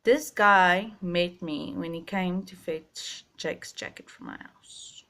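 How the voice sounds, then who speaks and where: Slow, halting woman telling a sad story. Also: fairly low pitch, fairly bright tone. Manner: halting, emotional, many restarts and pauses. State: stuffy, sinus. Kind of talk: personal storytelling to camera.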